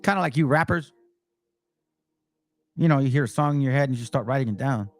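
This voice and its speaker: A man's voice: mid-range voice, brisk. A man hosting a Bible channel, talking bluntly and with fire. He mixes casual commentary with scripture read aloud. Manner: blunt and direct; fiery, emphatic.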